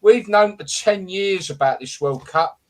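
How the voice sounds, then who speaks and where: A man's voice: high-pitched, unhurried. A man hosting a live football show, delivering an exasperated, sweary, rambling rant. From England.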